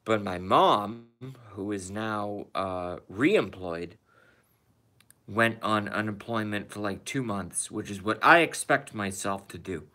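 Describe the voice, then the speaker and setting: A man's voice: on the low side, takes it slowly, bright, forceful tone. A man streaming a rambling, profane rant in a casual monologue, emphatic and cursing freely.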